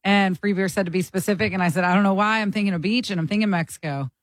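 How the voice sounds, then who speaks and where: A woman chatting in a casual group chat, speaking warmly about travel plans with a friend. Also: medium pitch, very fast, dry recording.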